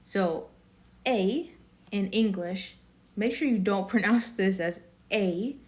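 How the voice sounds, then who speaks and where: A woman's voice: medium pitch, slow pace. A woman giving a casual online language lesson, chatty and rambling, often correcting herself and laughing. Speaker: Korean language teacher.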